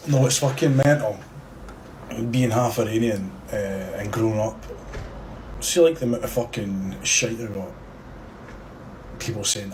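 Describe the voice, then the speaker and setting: A man with a Scottish accent on a live show. He delivers an angry political rant, swearing heavily, loud and defiant. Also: on the low side, unhurried, long pauses. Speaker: guest or caller. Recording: noisy background.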